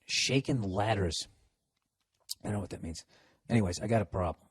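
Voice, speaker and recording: A man's voice: lowish voice, moderate pace, breathy edge. A middle-aged man with a Boston accent, hosting a comedy podcast and giving sarcastic, profane, rambling advice full of restarts.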